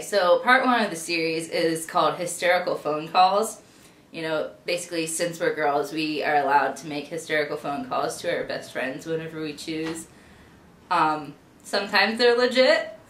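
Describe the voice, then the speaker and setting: A woman's voice: sits low, normal speed, fairly bright tone. A young woman telling a story in a dry, matter-of-fact casual vlog style. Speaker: vlog co-host. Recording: echoey room with faint noise.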